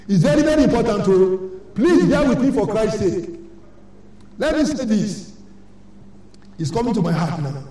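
A woman's voice: a little high, very animated, a little slow, pauses often, warm tone. An older woman with a Nigerian accent, a church elder preaching a sermon in an emphatic, repetitive, scolding way. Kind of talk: sermon exhortation. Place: large church hall. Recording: echoey church hall from far off.

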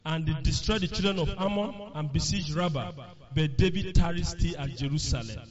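Man preaching in church, high voice swinging all over, slow and drawn out, dull lo-fi sound with the congregation loud behind. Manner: animated preaching with call-and-response questions. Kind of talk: sermon.

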